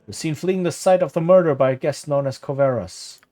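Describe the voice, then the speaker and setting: A man's voice: on the high side, a little fast, warm tone, faint music behind, lightly acted. A man voicing a stern older male keeper who formally accuses someone, reading the game dialogue aloud in a plain voice.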